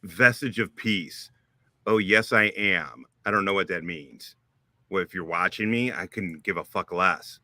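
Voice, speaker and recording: A man's voice: low voice, normal speed, sharp tone. A man hosting a live stream in casual chat, crude and combative, swearing freely. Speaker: podcast host.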